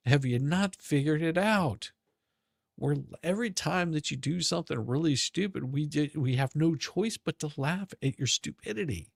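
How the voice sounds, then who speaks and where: A man's voice: fairly high pitch, gravelly, no room sound, studio quality. A man streaming a profane, sarcastic rant of commentary, mocking the people he talks about. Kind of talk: ranting commentary. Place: home streaming setup.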